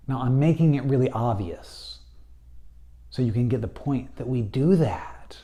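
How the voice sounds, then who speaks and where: A man gives a Bible lesson at an unhurried pace. His voice is dark and mellow, and he exhorts his listeners with urgency, now and then slipping into the imagined thoughts of ordinary people. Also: mid-range voice, animated. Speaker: Bible study teacher.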